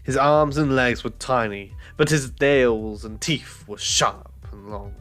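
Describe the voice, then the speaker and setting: A man's voice: medium pitch, takes it slowly, hardly any pauses, fairly bright tone, faint music behind. A man reading a children's novel aloud in a casual way, often stumbling and correcting himself. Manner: stumbling, self-correcting, swears aside. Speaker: reader.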